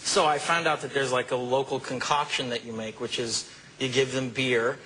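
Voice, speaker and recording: A man with a mid-range voice tells anecdotes as an interview guest, easygoing and animated. He leans on casual fillers as he goes. Faint noise sits under the recording. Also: mid-range voice, normal speed, poor audio. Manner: relaxed, animated storytelling with fillers like "you know" and "man".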